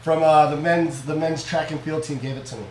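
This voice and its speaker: A man hosting a comedy podcast with a hoarse, worn voice, talking loudly and animatedly as he jokes and teases. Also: on the high side, fairly quick. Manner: loud, animated joking and teasing. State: hoarse from losing his voice. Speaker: podcast host. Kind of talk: comedic casual chat. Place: indoor room, on camera. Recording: echoey room.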